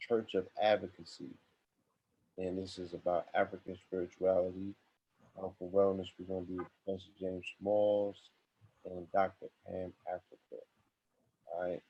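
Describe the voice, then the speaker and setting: A man's voice: deep voice, vocal fry, breathy edge, lo-fi sound. A man hosting a live-streamed talk show, promoting events in a laid-back, slang-filled way. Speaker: podcast host. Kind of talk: casual live-stream chat.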